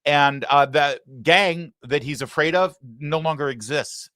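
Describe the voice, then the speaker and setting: Male talk host, mocking commentary, bright forceful voice. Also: a little high, unhurried, no room sound, studio quality. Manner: sarcastic, mocking asides. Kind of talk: live political commentary show.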